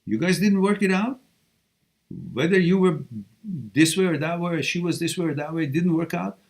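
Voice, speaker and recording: A man with a slightly higher than usual voice, hosting a live advice stream. He talks bluntly and scolds in a lively, animated way. He reads viewer questions aloud and answers them head-on. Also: moderate pace. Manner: blunt, animated, scolding tough-love delivery. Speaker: live Q&A host giving relationship advice.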